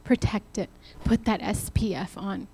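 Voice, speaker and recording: A woman preaching to a church in a lively, laughing, conversational sermon style. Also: mid-range voice, measured pace, slightly rough. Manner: animated, laughing while retelling, addresses the church directly.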